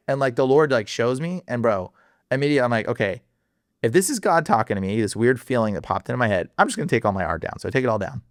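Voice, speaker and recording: Slangy and excitable, this podcast guest recounts something from his own life, breaking into frequent laughter and leaping up in pitch when fired up. He's a fast talker, heard in studio quality with no echo.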